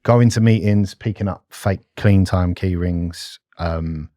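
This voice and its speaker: A man's voice: low voice, slow pace, dark tone, no echo, studio quality. A British man in his thirties, a podcast guest talking bluntly and candidly in conversation. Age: 30s. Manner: blunt and candid, often says mate.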